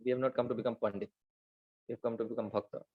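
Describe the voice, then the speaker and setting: A man giving a devotional scripture class, telling stories with lively acted-out quotes and quickly chanted verses. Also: mid-range voice, husky. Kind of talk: Gita class lecture. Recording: slightly dull lo-fi recording.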